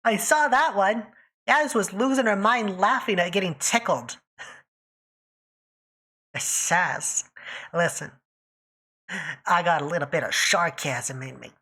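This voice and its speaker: A woman's voice: mid-range voice, slow, long pauses, sharp tone. A woman streaming live, chatting casually and teasing her viewers by name while she draws.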